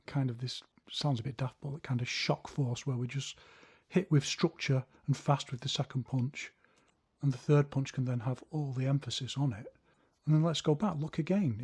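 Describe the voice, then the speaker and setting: Male instructor, husky, explanatory tone, counting through drills. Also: mid-range voice, darkish tone. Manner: explanatory, counts punches aloud while demonstrating. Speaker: martial arts instructor. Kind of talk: demonstrating martial arts drills.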